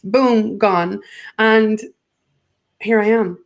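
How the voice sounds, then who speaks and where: A woman talks in a loose, rambling way, often doubling back and repeating words as she hunts for her point. Her voice sits at a middle pitch for a woman, and her talk is casual and spiritual in tone. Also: steady tone, extremely slow. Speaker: guest.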